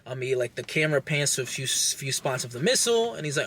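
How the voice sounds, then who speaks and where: A young man casually recapping a movie plot with lots of swearing, animated and acting out lines. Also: medium pitch, quick pace, slightly rough. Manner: animated, profane, acts out characters' lines. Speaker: podcast host reviewing a movie.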